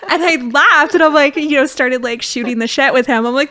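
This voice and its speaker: Woman, podcast guest, former doula, higher voice, laughing storyteller, chatty. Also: a little fast, fairly bright tone. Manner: laughs often while telling a story, full of "like". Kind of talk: casual storytelling.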